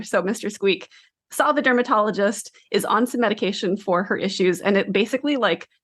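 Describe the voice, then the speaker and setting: A woman's voice: medium pitch, fairly bright tone. A woman co-hosting a book podcast, chatting easily and laughing along the way. Her voice sits in the middle range and her talk stays loose and friendly. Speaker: podcast co-host. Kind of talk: casual chat.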